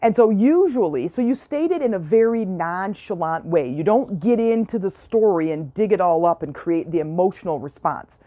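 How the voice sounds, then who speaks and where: A woman's voice: on the low side, animated, moderate pace, few pauses, mellow. A woman hosting a self-help podcast, talking in a chatty, earnest coaching style, repeating her points and often checking that the listener is following. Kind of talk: casual coaching monologue.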